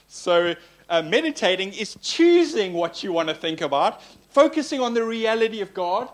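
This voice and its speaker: A man teaching in a sermon, animated and playful, repeating phrases for emphasis. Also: fairly high pitch, normal speed. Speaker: pastor.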